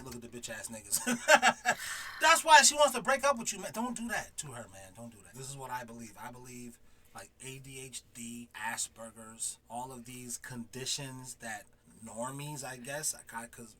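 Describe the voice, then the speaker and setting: A man's voice: medium pitch, normal speed, bright, forceful tone, slight background noise. A man in his forties co-hosting a casual podcast chat, blunt and profane, often laughing. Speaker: podcast co-host.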